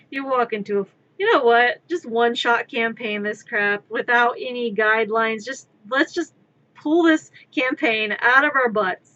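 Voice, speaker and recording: The high-sided voice of a crafting streamer comes through with its highs cut off. She talks casually and wanders off topic, stays wry and blunt, curses freely, and swings into loud exclamations at times.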